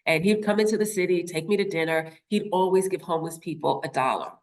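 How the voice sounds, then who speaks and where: A woman's voice: on the low side, fast talker. Woman in her fifties telling a story. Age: 50s. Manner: storytelling, acts out quoted voices, rhetorical questions. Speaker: nurse speaker. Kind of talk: personal story in a talk.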